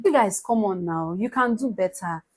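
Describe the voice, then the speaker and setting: A woman chats through a casual recap at a middle pitch. She is animated, laughs easily and breaks into raised voices. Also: moderate pace. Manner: animated, laughs often, acts out quotes in a raised voice. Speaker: podcast co-host.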